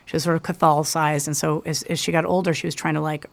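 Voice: mid-range voice, little pitch movement, quick pace, vocal fry. Earnest guest talking passionately. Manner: earnest, passionate, many restarts. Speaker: guest author. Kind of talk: casual interview talk.

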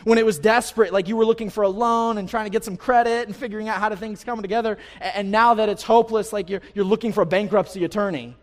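High-voiced preaching man in a big hall. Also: steady tone, fast talker, hardly any pauses. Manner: impassioned, rising and falling preaching with repeated phrases and restarts. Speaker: pastor. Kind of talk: sermon. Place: large church hall. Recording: live hall reverb.

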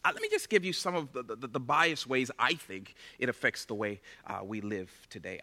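A man preaching a sermon as pastor, impassioned and building to loud, emphatic bursts. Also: mid-range voice, big pitch swings, normal speed.

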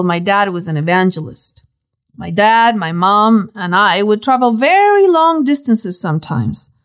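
A woman leads a Bible lesson in a bright, higher voice. She tells the story dramatically and her pitch leaps and drops all the time, so it stays lively. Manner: dramatic, animated storytelling with sudden pitch swings. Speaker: Bible teacher. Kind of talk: expressive Bible teaching.

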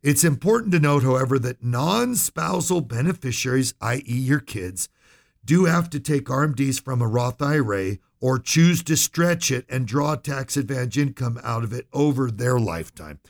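A man's voice: mid-range voice, lively intonation, normal speed, vocal fry. A man hosting a financial radio talk show, speaking directly to listeners in a folksy, emphatic way and often checking in with "right?" and "okay?".

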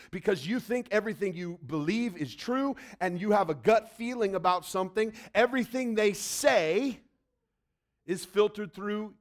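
A man preaching a sermon in a conversational way, acting out little quotes. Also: sits high. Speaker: pastor.

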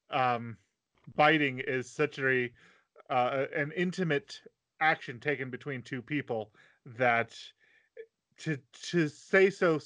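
A man's voice: mid-range voice, bright, forceful tone. A man co-hosting a casual anime podcast, adding short replies and then explaining plot points. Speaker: podcast co-host. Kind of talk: casual chat about anime.

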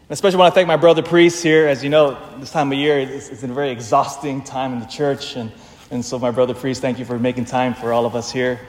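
A man, a parish priest, giving an emphatic, storytelling sermon that slows down for emphasis. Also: mid-range voice, little pitch movement. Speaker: pastor. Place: church. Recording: long church reverb.

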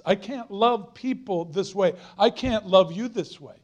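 High-voiced earnest male preacher. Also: a little slow. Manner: earnest, emphatic, repeats phrases for stress. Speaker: guest preacher. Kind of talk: sermon.

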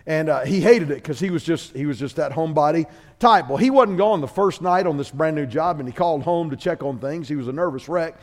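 A man delivers a sermon in church. He speaks in a high voice and tells his stories with animated character voices, his pitch climbing as the tale builds. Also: fairly quick. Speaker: guest preacher. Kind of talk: sermon with a comic story.

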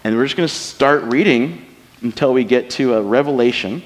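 A man's voice: medium pitch, normal speed, noisy background. A man pastor giving a casual sermon, conversational and joking, with many rhetorical questions. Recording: long hall reverb.

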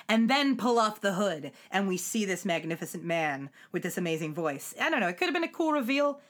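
A woman's voice: medium pitch, normal speed. A woman podcast co-host, recapping a show in casual chat and acting out characters' lines. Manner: animated, acts out character lines in put-on voices.

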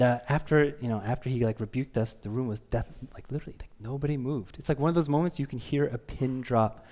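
A man preaching a sermon as pastor, talking conversationally with the congregation and asking them questions, and reading scripture slowly with emphasis. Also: a little high, clear, resonant tone. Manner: conversational, asks the listeners questions.

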